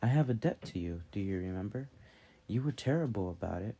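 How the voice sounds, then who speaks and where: A man's voice: lowish voice, expressive, brisk, dark tone, breathy edge. A man voicing a sly, proud wolf goddess. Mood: teasing. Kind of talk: audiobook character reading.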